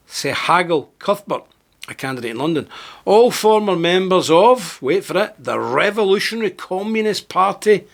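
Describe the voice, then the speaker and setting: Indignant man ranting to camera. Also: fairly bright tone. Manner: emphatic, indignant, with sudden rises in pitch; partly reading aloud from a script. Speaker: political video host. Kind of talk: heated to-camera monologue.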